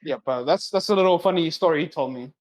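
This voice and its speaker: A young man with a fairly high voice, co-hosting a casual podcast. He tells stories in a laid-back way and keeps checking in with his listener. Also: fast, a little mellow. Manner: laid-back storyteller, drawls out asides like "right?". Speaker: podcast co-host. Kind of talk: casual chat.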